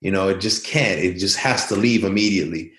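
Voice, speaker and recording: Man, interview guest, earnest, reflective storyteller, lowish voice, echoey room. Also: a little fast, a bit bright. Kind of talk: conversational interview.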